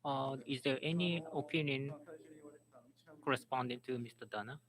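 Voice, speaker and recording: A man moderating and interpreting at a symposium, speaking haltingly and restarting words. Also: medium pitch, crowd noise, poor audio. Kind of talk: symposium panel talk.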